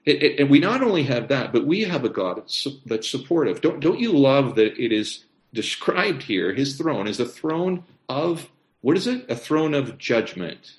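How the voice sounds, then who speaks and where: A man's voice: medium pitch, big pitch swings, moderate pace. Man, sermon, rhetorical questions, repeats phrases, roomy echo. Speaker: preacher. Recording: echoey room.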